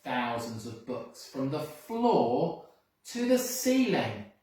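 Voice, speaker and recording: Unhurried picture-book reader, swooping sing-song delivery, echoey room, distant mic. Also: medium pitch, a little hiss or hum. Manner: expressive, sing-song storytelling. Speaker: school reader. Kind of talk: reading a picture book aloud.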